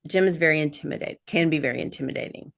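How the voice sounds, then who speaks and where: Low, gravelly-voiced woman telling stories. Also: racing. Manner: rambling storyteller with frequent fillers and laughs. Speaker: guest. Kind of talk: casual chat.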